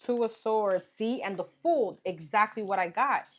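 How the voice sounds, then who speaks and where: A woman talks through a tarot reading in a loose, musing way, speaking her thoughts aloud and circling back with "okay" as each card comes up. Her voice sits at an ordinary middle pitch for a woman. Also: moderate pace, slight background noise. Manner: chatty, musing, repeats "okay" and "what's coming up" while pulling cards. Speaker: tarot reader.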